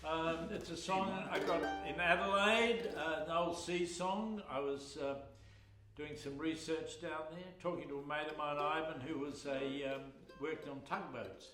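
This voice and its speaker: A man's voice: on the high side, steady tone, unhurried. A man with an Australian accent telling rambling stories between folk songs and singing them at a live concert, with many ums and uhs. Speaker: folk singer and bandleader. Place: music hall. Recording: echoey hall with loud accordion music.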